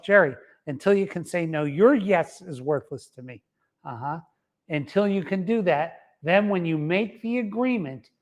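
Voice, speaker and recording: A middle-aged man giving a motivational talk, emphatic and repetitive, dropping in frequent uh-huh asides. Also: on the high side. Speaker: wellness center founder giving a talk.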